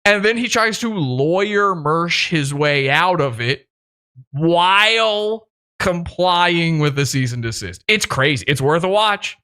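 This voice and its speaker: A man's voice: fairly high pitch, lively intonation, takes it slowly, bright, forceful tone, clean tone. A man hosting a podcast interview, mocking and profane, laughing often as he talks. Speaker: podcast host. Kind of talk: casual interview.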